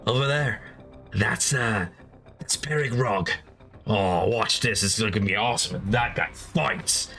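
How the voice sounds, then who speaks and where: A man voicing an excitable deep gnome who is eagerly pointing out a fighter, with faint music in the background. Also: a little slow.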